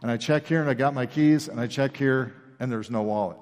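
A man's voice: mid-range voice, a little fast. Man preaching in a reverberant church hall. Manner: animated storyteller, acts out quoted people. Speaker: pastor. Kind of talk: sermon storytelling. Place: church sanctuary.

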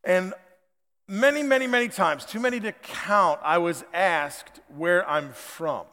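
A man's voice: sits high, measured pace, sharp tone. A man in his fifties with an American accent, preaching a chatty, conversational sermon from his church. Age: 50s. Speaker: pastor. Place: church sanctuary. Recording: long hall reverb.

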